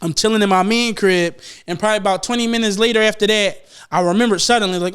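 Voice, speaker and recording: A man's voice: high voice, steady tone, fast, a bit bright, clean tone. A young man telling a long, profane, laughing story on a casual podcast. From Philadelphia. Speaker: podcast host.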